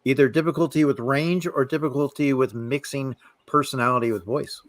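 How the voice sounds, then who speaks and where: A man hosting a casual livestream interview, talking in a rambling way with many fillers and throat clears. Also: medium pitch, a little fast, no room sound, low-quality recording. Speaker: show host.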